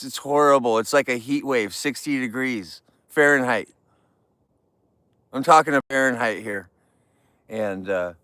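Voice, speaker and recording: Trimming flowers on a casual livestream, a Californian man greets his viewers and keeps up a chatty, joking patter, though he sounds tired. His medium-pitched voice is sharp and clean, with no room sound in the recording.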